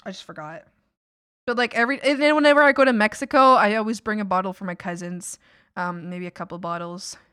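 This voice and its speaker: A woman's voice: mid-range voice, fast, fairly bright tone, clean tone, no echo, clean studio sound. A Canadian woman streamer chatting casually while she draws, laughing often and swearing casually, with some playful scolding.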